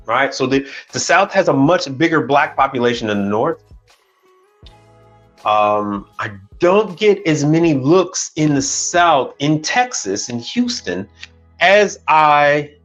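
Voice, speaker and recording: A man's voice: a little high, muffled recording. A middle-aged man hosting a livestream, talking bluntly with lots of cursing and arguing back at his chat. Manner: blunt, profane, argumentative, talks back to chat. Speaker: livestream host. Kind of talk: casual livestream rant. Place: Houston, Texas.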